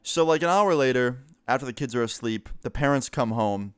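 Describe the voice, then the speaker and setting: A man's voice: mid-range voice, moderate pace, few pauses, clean tone, no room sound, clean studio sound. A man telling a story in a casual, chatty way, swearing and using many fillers. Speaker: storyteller vlogger.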